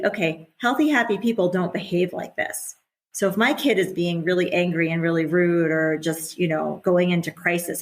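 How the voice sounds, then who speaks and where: A middle-aged woman who is a guest on a podcast, talking candidly and conversationally and laughing often as she speaks. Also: on the low side. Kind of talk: casual conversational interview.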